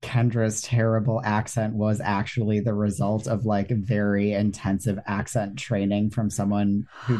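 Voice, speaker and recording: A woman co-hosting a podcast in casual chat, curious and quick to laugh. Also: extremely low pitch, a little hiss or hum. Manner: curious, laughs easily, lively questions. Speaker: podcast co-host.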